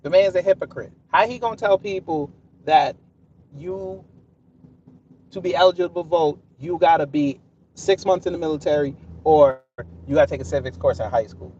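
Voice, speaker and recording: A man's voice: fairly high pitch, normal speed, darkish tone, distant mic, muffled recording, a little hiss or hum. A man hosting a casual live stream, talking straight to his chat in a combative, sarcastic way. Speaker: livestream host.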